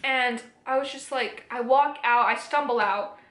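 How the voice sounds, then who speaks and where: A woman's voice: on the high side, unhurried, fairly bright tone. A young woman vlogger telling a personal story to camera, candid and emotional, swearing freely. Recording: roomy echoey room.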